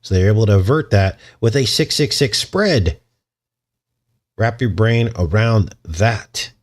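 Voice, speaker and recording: A man's voice: on the low side, lively intonation, a little slow. A man hosting a casual livestream, rambling and chuckling as he answers his viewers' chat. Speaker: channel host.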